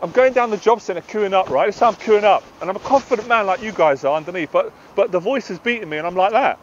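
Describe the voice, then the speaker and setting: A man's voice: high voice, quick pace, highs cut off, slight background noise. A British man, a confidence coach, giving a passionate, emphatic motivational talk to camera outdoors.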